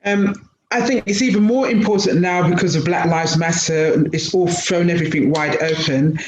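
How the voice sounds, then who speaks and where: A woman's voice: lowish voice, normal speed. A middle-aged woman, a guest speaker on a webinar, talking earnestly and telling anecdotes over a video call. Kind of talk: webinar talk. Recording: roomy, dull video-call audio, faint noise.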